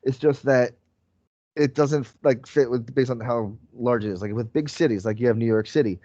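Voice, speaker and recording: A man with a mellow, relaxed voice chats on a podcast, wandering through his thoughts and packing his sentences with fillers. The sound is dry and dull, close to a home mic. He keeps a middle pitch throughout. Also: normal speed, no echo. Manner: rambling, many fillers like "like" and "um". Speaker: podcast co-host. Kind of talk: casual chat.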